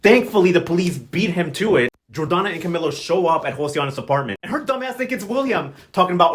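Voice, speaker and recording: A man's voice: high voice, lively intonation, fast, hardly any pauses. A man giving a casual, sassy recap as a host, quoting people in exaggerated voices. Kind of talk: casual commentary.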